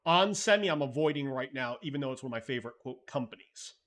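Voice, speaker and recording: A man's voice: medium pitch, expressive, fast talker, a bit bright. A man hosting a live stream, chatting loosely and thinking aloud while answering viewer messages, with casual swearing. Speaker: livestream host.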